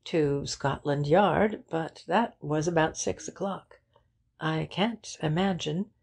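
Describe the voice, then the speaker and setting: A woman playing a well-meaning man out of his depth, coaxing and anxious. His lines come slowly, low and gravelly. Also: a little mellow, exaggerated voice. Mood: uneasy.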